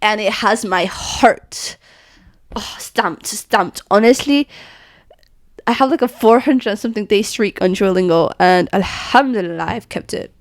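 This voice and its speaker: A young woman vents casually in her bedroom, jumping between thoughts with self-mocking humour. Her voice sits at an ordinary pitch. The sound is close and dry, with no room echo. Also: a little slow. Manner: scattered and self-mocking, laughing often and sighing. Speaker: vlogger. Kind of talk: casual rambling rant to camera.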